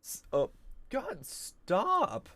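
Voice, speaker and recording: A man's voice: high voice, very slow, dry recording. A man streaming a video game, chatting casually with viewers and ranting with lots of swearing. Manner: profane, animated ranting with bursts of laughter. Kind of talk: casual live-stream chat.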